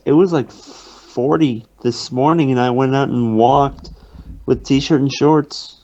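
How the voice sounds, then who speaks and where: A man's voice: mid-range voice, fairly even intonation, takes it slowly, mellow. A man co-hosting over a remote voice call, giving laid-back, brief replies in casual chat. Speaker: co-host. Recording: dull lo-fi call audio.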